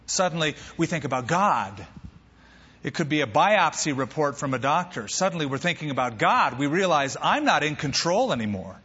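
Bright-voiced preaching man, echoey hall. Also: on the high side, moderate pace, breathy edge, highs cut off. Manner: animated preaching, acts out quoted voices. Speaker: pastor. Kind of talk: sermon.

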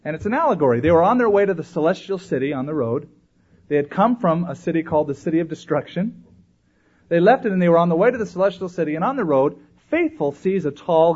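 A man preaching a sermon in an animated way, acting out voices when he quotes people. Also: on the high side, breathy edge. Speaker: pastor. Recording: dull lo-fi recording.

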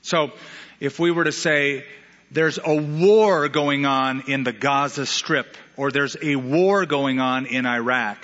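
A man preaching an animated sermon, stressing words through repetition. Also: mid-range voice, long reverb tail, muffled recording. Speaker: pastor.

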